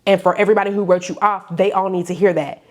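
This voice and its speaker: A woman's voice: mid-range voice, fairly even intonation, quick pace. A woman who works as a faith-based coach, teaching a Bible study in an emotional, fervent way, repeating lines for emphasis and calling her listeners y'all. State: tearful at times.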